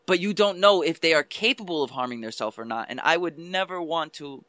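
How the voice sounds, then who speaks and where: A man co-hosting a podcast speaks with a slightly high voice, recorded dry and close. He talks with heartfelt emphasis and often repeats his words to drive a point home. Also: animated, a little fast, sharp tone, dry recording. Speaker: podcast co-host. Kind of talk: casual podcast chat.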